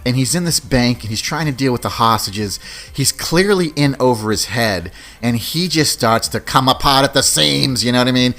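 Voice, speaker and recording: A man's voice: medium pitch, moderate pace, a bit bright. A man in his forties hosting a solo podcast, talking loosely and casually, often tossing in "you know what I mean". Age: 40s. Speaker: podcast host. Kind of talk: solo podcast movie countdown.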